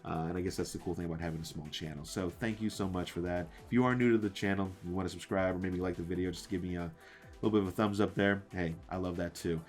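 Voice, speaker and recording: Deep-voiced guy ranting on his own channel, lots of uhs and ums, keeps asking viewers stuff. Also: fairly even intonation, fast talker, faint music behind. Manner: rambling, with many fillers and restarts; talks to viewers directly, asking questions. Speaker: show reviewer and channel host. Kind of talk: casual ranting episode review.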